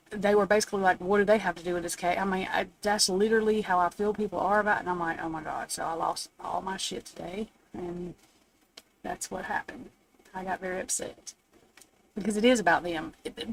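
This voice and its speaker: A woman's voice: medium pitch, a bit bright, a little hiss or hum, rough recording. A woman hosting a live stream, ranting bluntly and swearing, upset after crying. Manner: indignant, blunt, swears freely. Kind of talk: unscripted live stream rant. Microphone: phone or webcam, off camera.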